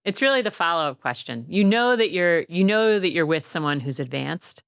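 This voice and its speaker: Low-voiced reflective woman, dry close mic. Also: moderate pace, no echo. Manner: reflective, quotes people in lively voices. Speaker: guest author. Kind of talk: casual interview conversation.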